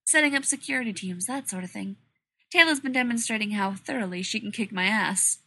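A woman's voice: mid-range voice, fairly quick, husky. A woman reading an easygoing military man. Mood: breezy. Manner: relaxed and offhand. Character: easygoing male military officer.

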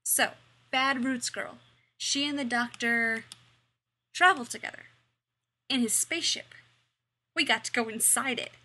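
A woman reading the lines of a snobby, sarcastic teenage high school girl in a snippy way. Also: a little slow, pauses often, sharp tone.

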